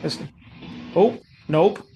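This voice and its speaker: A man's voice: takes it slowly, warm tone, soft background music. A man co-hosting a podcast over a video call, laid-back with short reactions. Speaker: podcast co-host. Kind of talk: casual chat.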